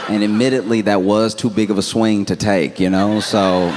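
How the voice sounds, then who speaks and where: Male stand-up comic, very low voice, deadpan and laid-back, handheld mic, live club noise. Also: moderate pace, hardly any pauses. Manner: laid-back, deadpan delivery with quoted text messages. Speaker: stand-up comedian. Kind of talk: stand-up storytelling. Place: comedy club stage before a laughing audience.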